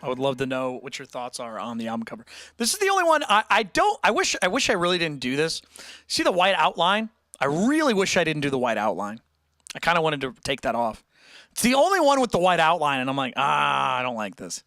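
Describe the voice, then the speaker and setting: Bright, rambling livestream musician. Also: male voice, a little high, fast talker, dry recording, studio quality. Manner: rambling, animated, many restarts and fillers. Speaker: musician hosting a livestream chat. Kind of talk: casual livestream chat with viewers.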